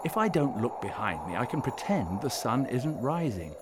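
A man's voice: mid-range voice, sing-song, normal speed, very noisy, lightly acted. A man voicing a bearded flying saint who calls out eagerly and speaks with a raised voice, in a storybook reading. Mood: hopeful.

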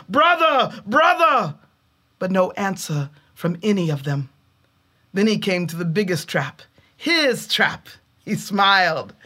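Bright-voiced woman storyteller. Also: mid-range voice. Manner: measured, dramatic pauses. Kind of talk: oral storytelling.

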